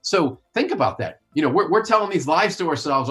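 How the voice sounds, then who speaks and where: A man's voice: on the high side, very animated, brisk, fairly bright tone, faint music behind. A man talking as a sales coach and author in a podcast interview, blunt, emphatic and opinionated.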